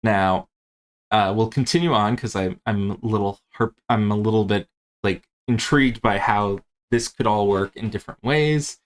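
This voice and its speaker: A man's voice: lowish voice, moderate pace. A man who presents tabletop games, casually walking through a rulebook in a rambling way with many fillers. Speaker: game master and tabletop game presenter.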